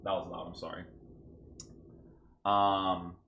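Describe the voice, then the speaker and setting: Slow and flat, with a low voice and some vocal fry, this man rants in exasperation over his own gameplay clips, frequently asking "right?" He's a gaming YouTuber recording in an echoey room, and the sound is lo-fi with slight background noise.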